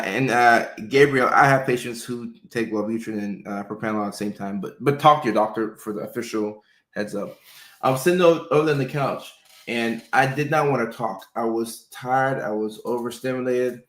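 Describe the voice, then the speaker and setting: A male doctor and show host telling casual personal stories, animated, slipping into playful voices for quotes. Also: mid-range voice, moderate pace. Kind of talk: casual storytelling. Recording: roomy echo.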